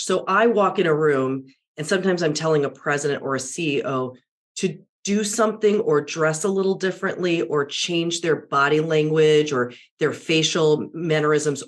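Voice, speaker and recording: A middle-aged woman, a media and public speaking coach, with a deep barky voice, talking animatedly in a casual interview. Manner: animated, self-correcting, acts out client quotes.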